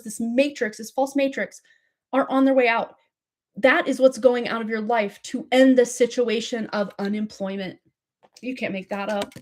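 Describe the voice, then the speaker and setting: A woman giving a live tarot reading in a chatty, rambling way, laughing often. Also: on the high side. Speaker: tarot reader.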